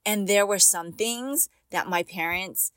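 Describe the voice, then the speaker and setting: A woman's voice: medium pitch, measured pace, fairly bright tone, no room sound. A middle-aged woman hosting a podcast for moms, talking in a chatty, encouraging way and laughing often. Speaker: podcast host and mom coach. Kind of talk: casual podcast monologue.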